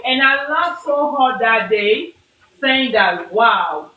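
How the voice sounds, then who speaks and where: An earnest mom coach hosts a motivational live-stream talk, repeating her points in a preachy way and greeting viewers by name. Her voice is fairly high, expressive, bright and forceful, and she takes it slowly. It's recorded on a phone as an audio-only live, with slight background noise.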